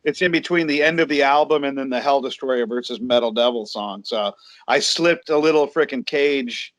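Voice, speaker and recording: A man's voice: medium pitch, normal speed, fairly bright tone, no room sound. Man telling stories, casual and salty. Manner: storytelling, acts out quoted exchanges, swears casually. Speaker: guest, metal singer. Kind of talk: casual interview chat.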